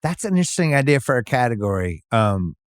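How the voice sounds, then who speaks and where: Podcast host dude, eager about the movie, mid pitch, dry studio sound. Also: male voice, big pitch swings, quick pace, clear, resonant tone, no room sound. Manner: enthusiastic, recaps scenes with quoted lines. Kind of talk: casual chat.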